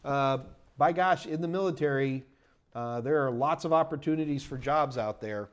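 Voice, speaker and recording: A man's voice: mid-range voice, normal speed, smooth. A middle-aged man hosting a live Q&A stream, rambling and chatty with lots of fillers and sudden bursts of enthusiasm. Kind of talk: casual live-stream Q&A chat.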